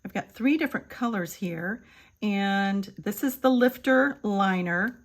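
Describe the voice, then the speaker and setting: An older woman giving a chatty makeup tutorial, calling her viewers "kids" and sometimes dropping to a soft murmur. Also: mid-range voice, unhurried. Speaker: beauty vlogger.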